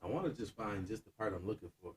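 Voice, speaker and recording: A man's voice: lowish voice, expressive, quick pace, recorded from a distance, background noise. A man co-hosting a podcast in playful, casual chat, laughing a lot. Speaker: podcast co-host.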